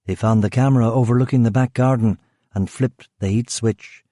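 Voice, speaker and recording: A man reading a crime thriller aloud in a measured, dry manner. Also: medium pitch, fairly even intonation, mellow, no room sound. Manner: measured, dry delivery, voicing characters. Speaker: audiobook narrator. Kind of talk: scripted narration.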